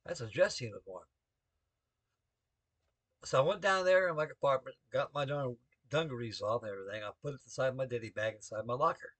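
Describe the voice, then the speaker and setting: A man's voice: medium pitch, animated, brisk, fairly bright tone, no room sound. An older man, a navy veteran, rambling through a spoken story to the camera with folksy, salty talk full of shipboard jargon.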